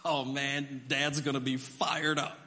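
A man preaching a sermon as pastor, telling stories with animated, acted-out voices. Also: medium pitch, slow pace, big-room sound. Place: church sanctuary.

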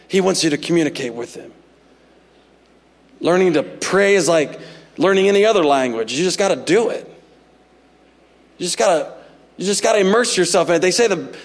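A man preaching a sermon as pastor, animated and jokey, acting out little scenes in voices. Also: high voice. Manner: animated, jokey, acts out parents and God in voices.

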